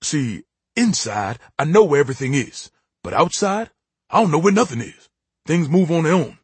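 A man reading an audiobook, voicing a gruff, guarded blind old grandfather with a terse, matter-of-fact drawl. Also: a little high, sing-song, moderate pace, no echo, pitched above the performer's own voice, full character voice. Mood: confiding.

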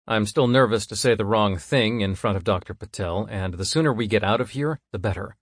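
Male audiobook narrator, measured and even, low pitch, dry booth. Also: no room sound. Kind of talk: first-person scripted narration.

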